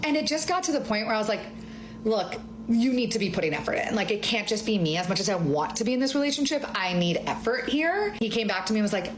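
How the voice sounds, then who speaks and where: A young woman tells a personal story in a chatty way, filling it with "like" and acting out the lines she quotes. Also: medium pitch. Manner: chatty, heavy use of like, acts out quoted lines. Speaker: interviewee in a played clip. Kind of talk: casual storytelling. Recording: noticeable background noise.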